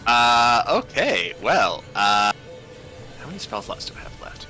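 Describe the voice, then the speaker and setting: A man playing a tabletop game who talks slowly, with a very bright, forceful tone. He is wry and swears with a laugh, and his pitch swings around freely. Faint music plays behind him. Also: sing-song. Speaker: player. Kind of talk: casual tabletop play.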